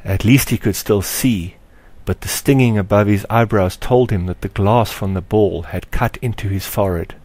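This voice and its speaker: Guy reading his own story aloud, low voice, measured storytelling, dry close mic. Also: darkish tone, no room sound. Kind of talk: scripted audiobook narration.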